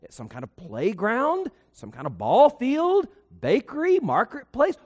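A man preaches with a high, lively voice that rises and falls sharply. He leans on folksy humor and rhetorical questions. His words ring out with a long reverb, like a church sanctuary. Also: a little slow, few pauses. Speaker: pastor. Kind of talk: sermon.

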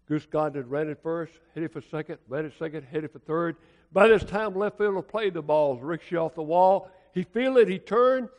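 A fairly high-voiced American preacher man tells sermon stories in a folksy, dramatic way, swinging from hushed lines to loud ones. His voice carries a long hall reverb, as if from a church sanctuary. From United States. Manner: folksy, colloquial, dramatic storytelling with swings in loudness. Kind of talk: storytelling sermon.

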